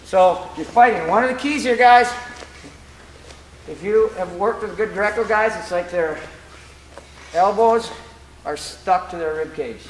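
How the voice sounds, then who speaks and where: A man's voice: sits high, measured pace, pauses often. A man coaching grappling technique on the mat, telling stories as he demonstrates moves. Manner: animated, storytelling, demonstrates moves. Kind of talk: mat-side technique instruction. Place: training gym. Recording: echoey gym, background noise.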